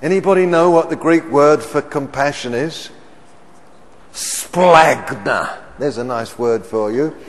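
A man preaching a sermon. He keeps asking the congregation questions and swells loud on the words he stresses. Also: fairly high pitch, normal speed, hardly any pauses. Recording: reverberant church hall.

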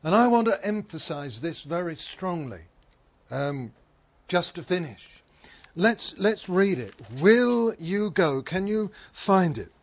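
A man's voice: high-pitched, big pitch swings, takes it slowly. A man preaching a sermon. He is earnest, repeats phrases for emphasis and asks his listeners questions.

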